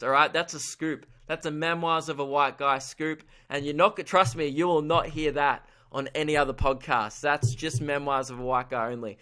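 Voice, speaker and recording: A young Australian man hosts a solo comedy podcast, rambling in a goofy, self-mocking way and laughing at his own jokes. His voice is a little high, pushed and bright.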